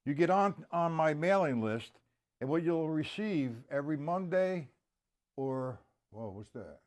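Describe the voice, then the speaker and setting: A man's voice: fairly high pitch, expressive, measured pace. Casual man teaching drums live. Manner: casual, greets viewers by name while teaching; counts beats aloud. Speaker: drum teacher. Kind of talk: live-streamed drum lesson. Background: drums and music.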